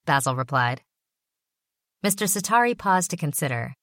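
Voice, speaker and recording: Low-voiced woman reading an audiobook. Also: moderate pace, a bit bright, no room sound, studio quality. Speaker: narrator. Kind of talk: audiobook narration.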